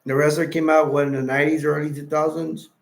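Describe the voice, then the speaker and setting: A man's voice: on the high side, little pitch movement, fast, vocal fry. A tired man hosting a late-night livestream, rambling casually and reading chat messages and wiki text aloud. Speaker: livestream host.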